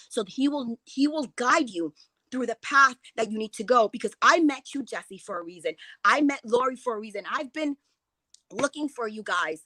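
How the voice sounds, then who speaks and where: A woman's voice: fairly high pitch, sharp tone, no room sound. A woman giving an impassioned, emotional talk as a guest speaker, rambling and restarting her sentences as she goes.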